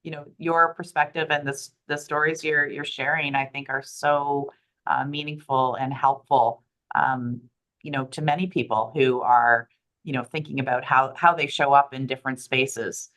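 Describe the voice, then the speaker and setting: A woman moderates a panel over a video call in a very deep voice. She affirms the speakers and pauses often on "um" and "you know" before handing on the question. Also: fairly even intonation, rough recording. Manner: warm affirming, hesitant with many "um" and "you know".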